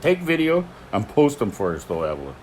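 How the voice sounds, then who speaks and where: An older man, hosting a casual chat and telling folksy stories about horses, often chuckling and clearing his throat. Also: lowish voice, huge pitch swings, fairly quick, darkish tone, a little hiss or hum. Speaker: host, horse teamster. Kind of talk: casual chat answering viewer questions.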